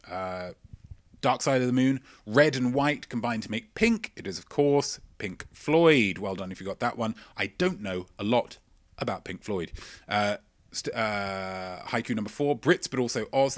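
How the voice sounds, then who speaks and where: Male quiz host, low voice, dry close sound, jokey and chatty. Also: dry recording. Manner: chatty, joking, self-mocking asides. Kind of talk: live-streamed quiz, reading out chat answers.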